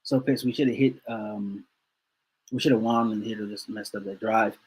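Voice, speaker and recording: Heated husky man ranting about football. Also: lowish voice, fairly even intonation, normal speed, a little mellow, poor audio. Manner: heated, repetitive, emphatic. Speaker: sports channel host. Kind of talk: fan commentary rant.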